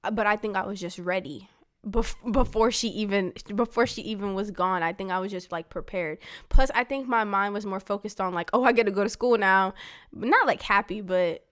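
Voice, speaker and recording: A woman's voice: mid-range voice, moderate pace, a bit bright. A woman talking with her father in a casual family conversation, rambling through a story with lots of "like" and retelling what others said. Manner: retells others' words in quoted dialogue.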